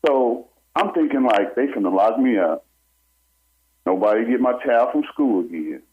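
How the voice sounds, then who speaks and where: A man's voice: medium pitch, animated, normal speed. Urgent storytelling man, slightly muffled. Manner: urgent storytelling that acts out other people's words. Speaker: guest, homeowner and barber. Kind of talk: telling his own story in a talk show interview. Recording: slightly muffled with faint noise.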